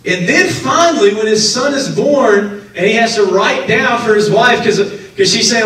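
A man preaching a sermon as pastor, animated, acting out the people in his stories and laughing often. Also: sits high, moderate pace, hardly any pauses, recorded from a distance. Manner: animated, acts out quoted voices, laughs often. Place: church sanctuary. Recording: echoey hall, preacher off-mic, faint noise.

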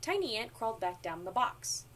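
A woman reading a children's storybook aloud, with expressive narration, recorded from a distance with faint noise. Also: a little high, normal speed. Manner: expressive, animated.

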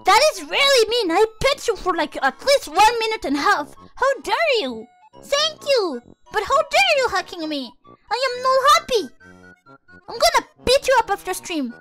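Shrieky high-voiced young woman streamer. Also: normal speed, over music. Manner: excitable and shrieky, swears, drops Japanese words. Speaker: VTuber streamer. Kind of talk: casual live-stream chat. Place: her room at home.

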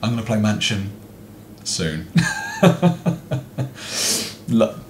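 A man's voice: on the low side, very animated, drawn-out words, reverberant, a little hiss or hum. A young man commenting on a horror game as he plays, jumpy and frustrated, swearing often. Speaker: gaming video host.

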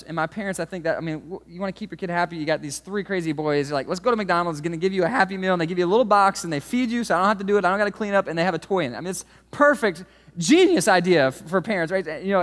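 High-voiced preacher in a reverberant hall. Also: male voice. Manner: animated storytelling, swings from hushed to shouting. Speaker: pastor. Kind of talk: sermon. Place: church auditorium.

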